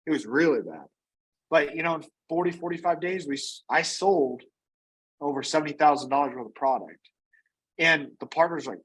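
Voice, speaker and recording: A man being interviewed as a guest, telling his business story in a casual, energetic way and often tagging on "right?" and "you know". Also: on the high side, brisk, husky, poor audio. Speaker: guest, company founder and CEO.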